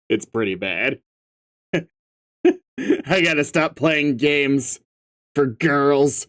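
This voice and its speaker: A streamer reading a webcomic live, laughing often and shouting reactions at the characters. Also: medium pitch, lively intonation, slow, pauses often.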